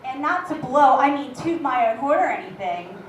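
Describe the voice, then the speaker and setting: A woman's voice: high-pitched, lively intonation, moderate pace. A young woman doing a brash, raunchy, self-mocking stand-up set on a comedy club stage. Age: young adult. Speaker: stand-up comic. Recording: echoey club, far from mic, faint noise.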